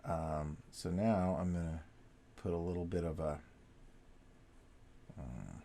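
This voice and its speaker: Low, mellow man chatting while drawing. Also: takes it slowly, a little hiss or hum. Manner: rambling, chatty, self-correcting as he draws. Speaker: artist drawing on video. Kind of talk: casual talk while drawing.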